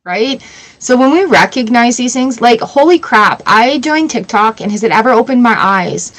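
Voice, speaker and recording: Chatty high-voiced woman in her forties. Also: animated, normal speed, a bit bright, low-quality recording. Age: 40s. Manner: chatty, emotional, laughs often. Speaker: tarot reader. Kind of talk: casual livestream chat.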